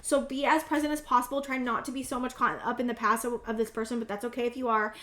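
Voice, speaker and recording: A woman in her thirties giving a casual tarot reading to camera, earnest and halting, often repeating words. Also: fairly high pitch, little pitch movement, fairly bright tone. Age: 30s. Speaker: tarot reader. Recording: roomy echo.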